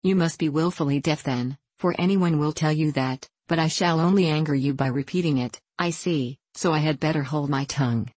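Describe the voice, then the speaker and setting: A woman reading a wheedling young woman in an audiobook, soft and insinuating, with a sweetly plaintive edge. The voice sits low and is recorded dry, with no room around it. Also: moderate pace, few pauses, husky, dry recording.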